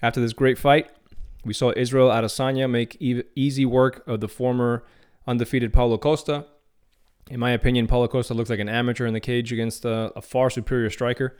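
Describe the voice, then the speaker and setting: A man's voice: mid-range voice, flat delivery, a little fast, darkish tone, clean tone. A man hosting his own podcast, talking through fight news in a casual, opinionated way. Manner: casual, opinionated, some restarts. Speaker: podcast host. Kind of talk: solo MMA news commentary.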